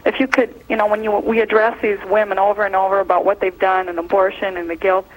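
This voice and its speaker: A woman's voice: mid-range voice, level tone, fast talker. A woman from Minnesota calling in to a religious show, talking in a gushing, rambling, earnest way. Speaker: caller. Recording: caller over a phone line.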